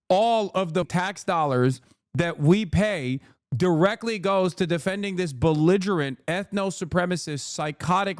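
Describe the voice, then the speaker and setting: A man's voice: fairly high pitch, no room sound, clean studio sound. Sarcastic man ranting. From United States. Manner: profane, sarcastic, fast-building rants. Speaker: host reacting to clips. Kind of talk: ranting commentary.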